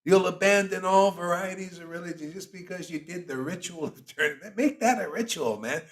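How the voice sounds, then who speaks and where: A man's voice: high-pitched, normal speed. A man hosting a devotional livestream who preaches in a casual, slangy, teasing way and laughs often. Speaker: spiritual teacher hosting a chanting session.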